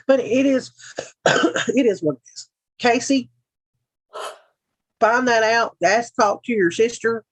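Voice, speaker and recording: A woman's voice: on the high side, expressive, slow, pauses often, breathy edge, dry recording, low-quality recording. Chatty Tennessee woman hosting a stream. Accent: Tennessee Southern. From Middle Tennessee. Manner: frank, sarcastic, chatty with frequent asides. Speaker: livestream host. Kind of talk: casual livestream chat. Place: home.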